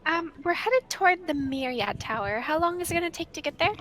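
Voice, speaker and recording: High, bright-voiced woman player. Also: expressive, fairly quick, soft background music. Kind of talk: tabletop game play.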